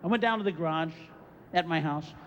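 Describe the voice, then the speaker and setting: On a club stage in front of a live audience, a man performs stand-up, ranting, screaming, and acting out scenes. He talks a little fast in a voice on the high side, sounding like a large hall, with the loud crowd and noise of a live show.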